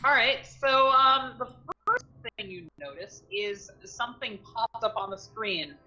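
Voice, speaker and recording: A woman running a tabletop game as game master, narrating with many halting ums and restarts. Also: on the high side, lively intonation, pushed and bright, muffled recording.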